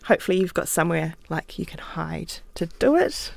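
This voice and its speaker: Gravelly-voiced New woman, podcast guest. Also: fairly low pitch, big pitch swings, fairly quick, dry recording. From New Zealand. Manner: thoughtful, chatty, laughs easily, talks with her hands. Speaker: interview guest, author and playwright. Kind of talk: casual conversational interview. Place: podcast studio. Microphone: studio microphone.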